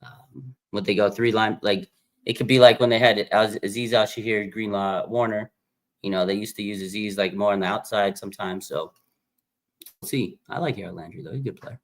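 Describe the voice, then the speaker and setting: A man hosting a casual fan livestream, reading viewer comments and chatting in a relaxed, thinking-aloud way. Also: fairly low pitch, moderate pace. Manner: laid-back, thinking aloud with fillers. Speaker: livestream host.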